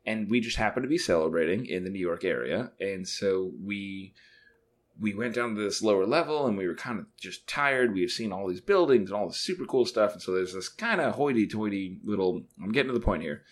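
Guy on a podcast, lowish voice, chatty and rambling, acts out the back and forth. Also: animated, brisk. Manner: rambling anecdote with mimicked dialogue. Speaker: podcast co-host. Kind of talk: casual chat, storytelling. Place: bathroom at home.

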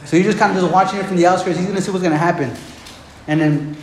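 Brief: laid-back male preacher, slightly high voice, restarts and filler, echoey room. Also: steady tone, racing. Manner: casual, repetitive, says "man" a lot. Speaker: pastor. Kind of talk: sermon teaching from Bible. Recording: roomy room, faint background noise.

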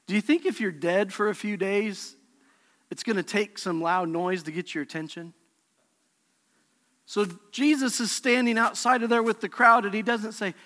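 Pastor, male, high bright voice, passionate sermon delivery, long reverb of a large church hall. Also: moderate pace. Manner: impassioned preaching, swings from soft to shouting.

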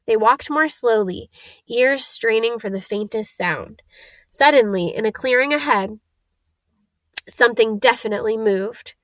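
Female storybook narrator, raised pitch, dry studio read. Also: a little slow, fairly bright tone, dry recording. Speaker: audiobook narrator.

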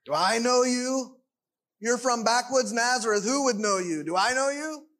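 A man's voice: extremely high pitch, normal speed, a bit bright. A preacher voicing a mocking male unclean spirit that jeers with scornful questions. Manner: jeering rhetorical questions.

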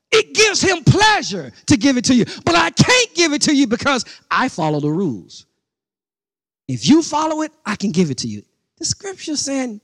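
A man's voice: extremely high pitch, fairly bright tone, no echo, studio quality. A middle-aged man preaching a sermon as pastor, speaking conversationally with asides to the congregation and building into rising outbursts with repeated phrases.

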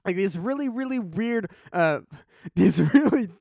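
A man's voice: high voice, animated, unhurried, creaky, darkish tone, dry recording, studio quality. A man hosting a casual chat, rambling with lots of fillers and restarts, acting out characters in his retelling. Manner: rambling, filler-heavy, acts out characters mid-story.

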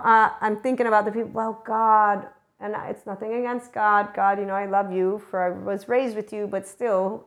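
A woman talking straight to her viewers in a loose spiritual monologue. She jokes, swears freely and laughs at herself, then turns earnest. Her voice sits at an ordinary middle pitch. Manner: chatty, swearing, laughing at herself, quick shifts of tone. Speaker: spiritual channel host.

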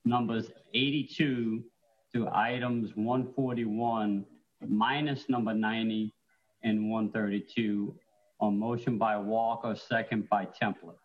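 A man chairing a council meeting, calling out item numbers and motions in a measured, procedural way. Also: lowish voice, flat delivery, muffled recording. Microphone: remote call-in audio.

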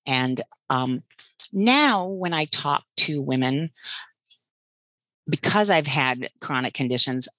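A woman coach talking casually in an interview, halting and rambling with fillers. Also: deep voice, animated, bright, forceful tone, dry recording, poor audio.

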